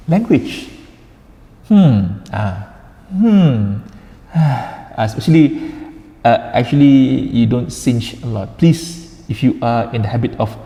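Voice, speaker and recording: A man's voice: medium pitch, dark tone. A man from Sarawak with a Sarawakian Malaysian English accent, giving a chatty classroom lecture and dropping in Malay particles like lah. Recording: echoey room with long reverb.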